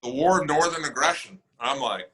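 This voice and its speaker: A man's voice: fairly high pitch, normal speed, rough recording. A man from the northern United States, a guest on a podcast, chatting casually and acting out quoted exchanges as he tells stories. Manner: animated storyteller, acts out quoted exchanges. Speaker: podcast guest, military servicemember and actor. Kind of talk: casual chat.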